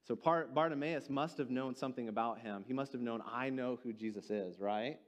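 A man preaching a sermon, reading scripture slowly and then explaining it earnestly, asking the congregation questions. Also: mid-range voice. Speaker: pastor. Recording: church hall with long reverb.

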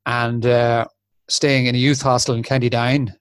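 A man's voice: medium pitch, little pitch movement, normal speed, smooth, dry recording. A man in his fifties from the south of Ireland with an Irish accent, chatting casually and rambling with frequent self-corrections. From Republic of Ireland. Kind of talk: casual chat.

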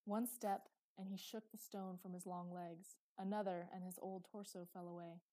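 Low, mellow woman narrating a story. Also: little pitch movement, normal speed, no echo, low-quality recording. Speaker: audiobook narrator. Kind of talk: scripted dark fantasy narration.

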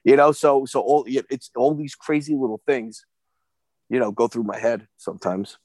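A man in casual chat, heavy on fillers and repeated words, reacting with loud laughter. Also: mid-range voice, fairly even intonation, moderate pace, no echo.

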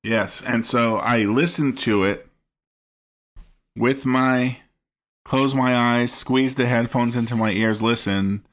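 A man co-hosting a podcast about a film, talking in an analytical way and often pausing to search for words. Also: medium pitch, steady tone, fairly bright tone. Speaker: podcast co-host. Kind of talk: casual film-discussion chat.

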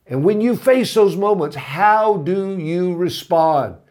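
Slow, earnest preacher man. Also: high-pitched, expressive, a little mellow. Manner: earnest storytelling that rises to impassioned emphasis. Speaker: pastor. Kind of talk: sermon.

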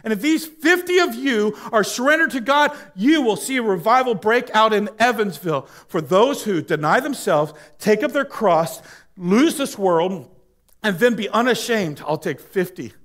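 A male pastor preaching a sermon, swinging from loud emphatic exhortation to hushed, soft appeals. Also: sits high, expressive, moderate pace.

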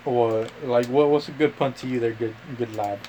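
A man's voice: mid-range voice, steady tone, normal speed, mellow, slight background noise. A man in casual gaming chat, crude and joking, who laughs often.

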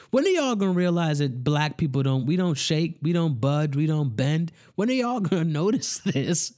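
A man's voice: mid-range voice, a little mellow. A man ranting in a casual monologue, profane and exasperated. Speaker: commentator. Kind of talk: casual rant.

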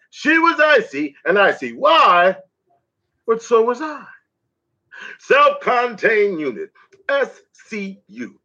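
A man's voice: high voice, bright, forceful tone. A man performing spoken word poetry in a rhythmic, dramatic recitation. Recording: dull lo-fi audio.

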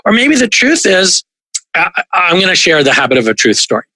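A man's voice: high-pitched, sing-song, fairly quick, sharp tone, no room sound. A man talking as a coach guest on an interview, telling stories and making points with emphasis, often checking in with "right?". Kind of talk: animated conversational storytelling.

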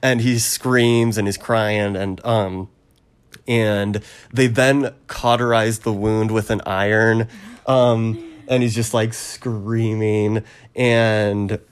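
A man in casual chat, retelling a film's plot in a rambling way with many ums and quick acted quotes. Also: fairly low pitch, fairly even intonation, clear, resonant tone. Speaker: podcast co-host recapping a film.

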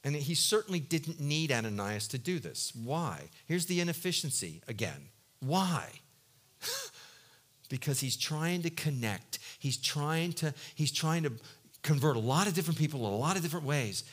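A male pastor preaching a sermon who acts out voices from the story and swings from loud outbursts to hushed, low lines. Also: moderate pace. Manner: animated, acts out voices of biblical figures and God; swings between loud exclaims and quiet, low-voiced asides.

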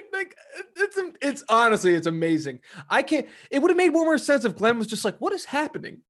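A man co-hosting a TV recap podcast, recapping scenes in casual, excited chat with swearing and laughs. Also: very high-pitched, fairly quick. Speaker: podcast co-host.

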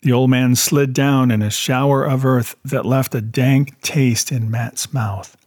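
A male audiobook narrator with a steady storytelling delivery. His voice is slightly husky at a middle pitch, recorded dry and close. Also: a little slow, no room sound. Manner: steady storytelling, voicing characters.

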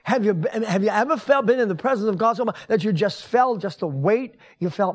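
An older male pastor with a high voice gives a folksy sermon in a church. He talks to the congregation like a conversation, then leans hard into emphasis on key phrases. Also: a little fast. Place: church sanctuary.

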